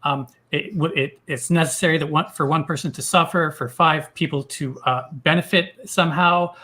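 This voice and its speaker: A man arguing a point on a podcast, halting and searching for words. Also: a little high, fairly even intonation, sharp tone. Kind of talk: debate argument.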